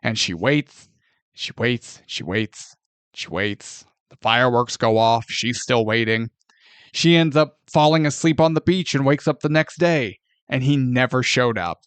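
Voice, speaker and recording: A man hosting a casual film review podcast, sarcastic and animated, swearing freely as he retells a plot. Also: medium pitch, measured pace, clear, resonant tone, no echo.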